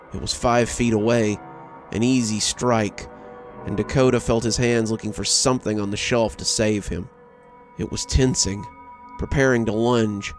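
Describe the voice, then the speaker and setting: A man reading a horror story aloud in dramatic scripted narration, building tension toward sharp exclamations. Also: medium pitch. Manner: dramatic, rising to tense exclamations. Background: faint background music.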